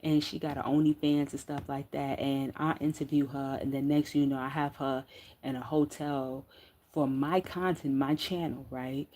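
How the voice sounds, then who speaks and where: A middle-aged woman giving casual, profane commentary as a streamer, loud and laughing, full of slang as she tells stories. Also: very deep voice, little pitch movement, moderate pace. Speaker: streamer commenting on street interview channels.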